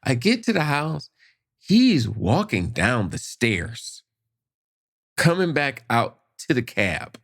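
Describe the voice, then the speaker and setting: Animated man telling a story. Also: medium pitch, slow, creaky. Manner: animated, acts out voices and sound effects. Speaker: podcast guest. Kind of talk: storytelling in casual conversation.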